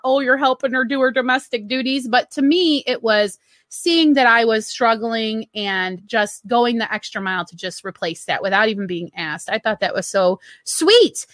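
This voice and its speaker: Bright, lively woman chatting. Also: a little high, dry recording, clean studio sound. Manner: animated storyteller, quick laughs. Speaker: co-host. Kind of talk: casual chat on a live-streamed show.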